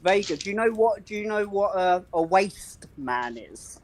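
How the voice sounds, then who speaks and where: Brief: forties bloke, brighter-pitched, joking banter with faint noise behind. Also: male voice, expressive, a little slow. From South East London. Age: 40s. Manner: swearing, laughing banter. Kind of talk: casual chat.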